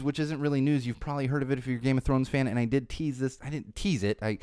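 A man's voice: medium pitch, fast talker, few pauses, clear, resonant tone, dry recording, studio quality. A man in his thirties from the Chicago area, hosting a casual solo podcast in a rambling, sarcastic, ranting way. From Chicago area, USA. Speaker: podcast host.

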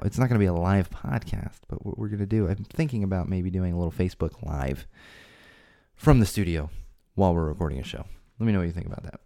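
In casual solo talk on his own podcast, recorded in a home studio, a man with a low, mellow voice chats along. He makes jokey asides and keeps restarting his rambling thoughts.

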